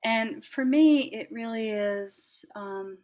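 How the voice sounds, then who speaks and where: A woman hosting a reflective personal talk, speaking gently with frequent laughs, fillers and restarts. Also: on the high side, takes it slowly. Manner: gentle, warm-hearted, laughs often, many fillers and restarts. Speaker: host.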